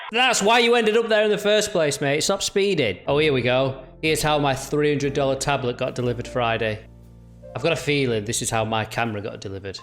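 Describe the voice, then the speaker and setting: A man's voice: medium pitch, gravelly. A young man giving chatty, mocking reaction commentary on video clips. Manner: chatty, jokey, mocking asides.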